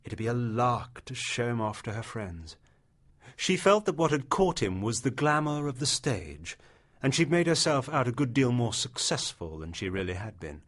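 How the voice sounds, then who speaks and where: A man narrating a literary short story as an audiobook, in a measured storytelling manner. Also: mid-range voice, very animated, a bit bright.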